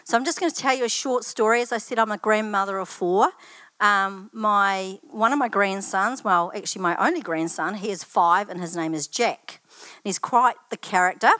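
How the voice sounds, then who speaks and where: A woman's voice: mid-range voice, normal speed, pushed and bright, dry recording. An older woman giving a personal testimony at church, telling stories in a chatty, anecdotal way with asides.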